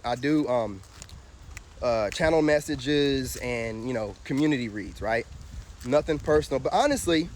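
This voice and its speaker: A high-pitched man talking straight to his livestream viewers as a spiritual vlogger. He lectures in a preachy tone and keeps asking rhetorical questions. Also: a little hiss or hum. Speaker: spiritual vlogger and tarot reader. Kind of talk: livestream monologue.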